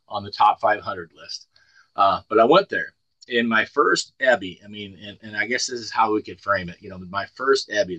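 A man in his sixties from the Ozarks, sharing his story at a recovery meeting over a video call. His voice sits a bit low and sounds bright and forceful. The sound is dry and close, and he spins his tale in a folksy, plainspoken way with dry humor. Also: no echo, highs cut off. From Ozark Mountains, United States. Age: 60s. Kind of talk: personal testimony at a recovery meeting.

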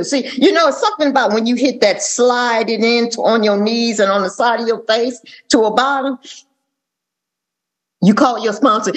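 A woman's voice: mid-range voice, moderate pace. Sassy woman telling her story. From Atlanta, Georgia. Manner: animated storytelling with sassy asides and acted quotes. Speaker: recovery meeting speaker. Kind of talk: personal testimony talk.

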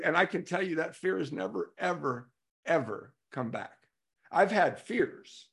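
A middle-aged man from California shares his recovery story at a convention with a gravelly edge. His pitch sits in an ordinary middle range. He tells it candidly, slipping into the voices of the people in his stories. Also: lively intonation, normal speed, fairly bright tone. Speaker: recovery speaker. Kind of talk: personal testimony talk. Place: convention hall.

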